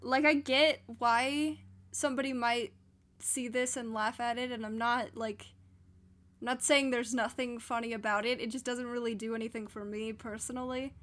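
Woman, podcast co-host, casual chat, rambling with fillers, fairly high voice. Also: fairly even intonation, normal speed, a bit bright. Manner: rambling, hesitant, many fillers.

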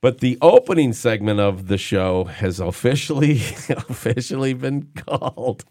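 A man's voice: mid-range voice, expressive, a little slow, warm tone, no echo. Middle-aged guy cohosting a christian podcast, jokey and rambly, dry close studio mic. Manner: jokey, rambling, self-deprecating. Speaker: podcast co-host. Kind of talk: casual Christian talk show chat. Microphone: studio microphone.

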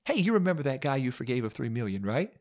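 A man's voice: mid-range voice, sing-song, fast talker, lightly acted. A man voicing chatty servants in a sermon story, speaking in an incredulous, tattling tone. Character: gossiping male servants, outraged and chatty.

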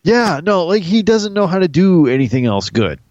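A man co-hosting a casual TV recap podcast, talking in an animated, crude, joking way. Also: high voice, moderate pace, no room sound, muffled recording. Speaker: podcast co-host.

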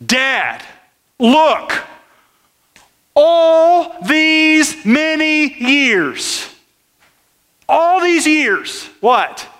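A preacher acting out an indignant older brother. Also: male voice, very high-pitched, very animated, a bit bright, voice pushed up, exaggerated voice. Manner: indignant, drawn-out complaint. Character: resentful dutiful older brother, young man.

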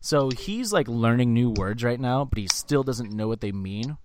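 A man's voice: mid-range voice, normal speed, a little hiss or hum. A man co-hosting a casual podcast, telling a story with a lot of swearing and acting out the quoted voices. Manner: animated storyteller, swears often, acts out quotes. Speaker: podcast co-host. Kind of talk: casual chat.

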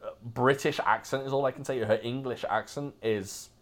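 A man chatting casually as a podcast host, lively and joking about himself. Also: mid-range voice, normal speed. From Wales. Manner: lively, joking, self-mocking. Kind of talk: casual chat.

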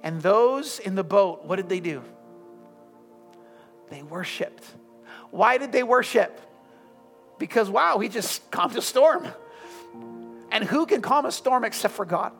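A man preaching a sermon to a congregation, firing off emphatic questions and then dropping into soft, hushed prayer. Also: sits high, expressive, unhurried, vocal fry, pauses often. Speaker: pastor. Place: church room with congregation. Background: soft music.

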